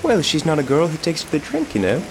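A hearty husband: chatty and cheerful, lively pitch, old radio drama style. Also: male voice, quick pace, slight background noise. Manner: hearty and chatty, calls his wife old girl. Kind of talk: 1940s radio acting.

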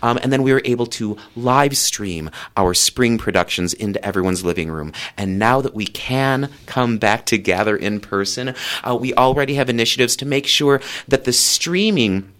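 Picture a man in a radio interview, promoting his theater season with plenty of eager energy. His voice leaps up and down in pitch as he gets excited, with the odd filler and restart. He sounds like a musical theater director talking about his shows. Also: moderate pace. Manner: enthusiastic, animated, big pitch swings.

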